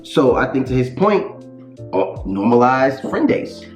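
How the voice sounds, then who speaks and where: A man co-hosting a casual chat, speaking in a reflective, measured and analytical way. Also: mid-range voice, big pitch swings, roomy sound, faint music behind. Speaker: podcast co-host.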